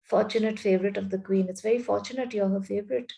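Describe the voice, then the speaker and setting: Sly male wolf, mocking, gravelly; woman reader voicing. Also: medium pitch, steady tone, fast, dark tone, natural voice.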